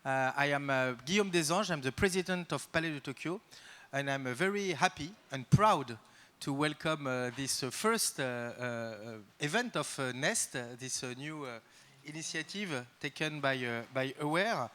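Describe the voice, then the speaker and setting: A man with a French accent opens an event as its host, speaking to a live audience in slightly high-pitched English. He is a native French speaker and improvises his welcome. His delivery is halting, full of pauses while he searches for the right English words. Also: animated, sharp tone.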